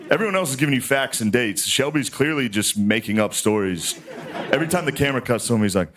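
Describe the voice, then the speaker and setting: A man performing a stand-up monologue on a large stage, telling stories in a deadpan way and slipping into put-on voices. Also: mid-range voice, quick pace, some chatter behind, a little hiss or hum. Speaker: stand-up comedian. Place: large theater stage with live audience.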